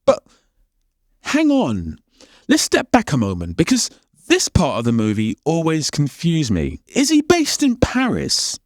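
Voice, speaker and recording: A man's voice: on the high side, wildly swooping pitch, measured pace, no room sound, clean studio sound. A man narrating a comedic film critique, firing off exasperated, incredulous questions. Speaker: film commentator.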